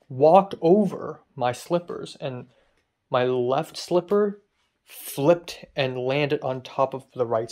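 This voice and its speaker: A man's voice: mid-range voice, darkish tone. A young man talking straight to camera in a casual vlog, ranting with frustration and swearing freely. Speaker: vlogger.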